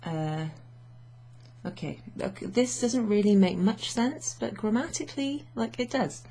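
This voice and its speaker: Woman teaching french, husky, gravelly, mellow low voice, chatty home lesson. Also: expressive, a little slow. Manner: chatty, laughs often, mixes English and French. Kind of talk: casual language lesson. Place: home office with a standing desk.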